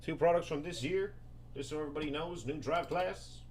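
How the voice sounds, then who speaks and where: A man with a slightly high voice runs a live card break, rattling off names and teams in fast bursts. He jokes and hypes between pulls. A faint hum of room ambience sits behind him. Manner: rapid-fire listing of names and teams, hyped and joking.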